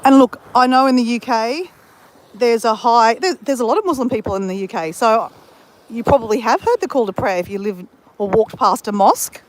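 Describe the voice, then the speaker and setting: A woman with a fairly high, slightly fast voice livestreams from her phone while walking by the sea. It's casual chat: she addresses viewers by name and laughs readily.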